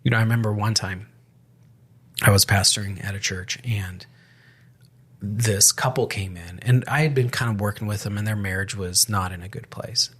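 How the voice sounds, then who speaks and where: A man's voice: lowish voice, steady tone, moderate pace, a bit bright, husky. A man co-hosting a faith podcast, a pastor telling a story in casual conversation, with frequent restarts. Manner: storytelling with many restarts and quoted dialogue.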